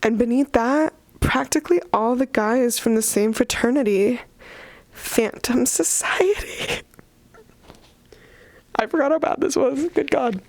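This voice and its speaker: Chatty, sarcastic young woman book reviewer with a gravelly fry, dry sound. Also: on the high side, takes it slowly, a little mellow, no room sound. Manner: chatty, sarcastic, full of fillers. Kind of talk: casual book commentary.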